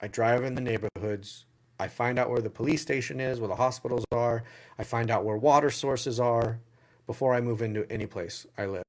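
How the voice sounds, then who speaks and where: A man with a Southern US accent talks through a live Q&A at a mid pitch. He rambles, doubles back and repeats phrases as he reads viewer comments and answers them. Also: brisk. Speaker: livestream Q&A host. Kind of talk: casual livestream chat.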